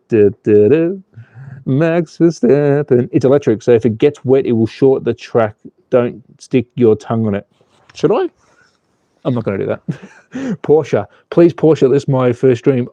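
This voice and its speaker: A man hosting a live stream, calling slot car races with an excitable, playful manner and joking with the chat. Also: mid-range voice, no room sound. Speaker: live stream host and race caller.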